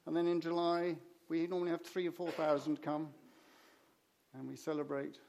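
A man's voice: a little high, little pitch movement, normal speed, creaky, a little mellow, slight background noise. A man preaching a sermon, telling stories and acting out the conversations in them. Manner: anecdotal, acts out conversations in his stories.

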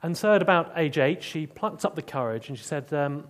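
A man preaching a sermon, telling stories and dropping to hushed tones to drive points home. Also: fairly high pitch, expressive, a little fast.

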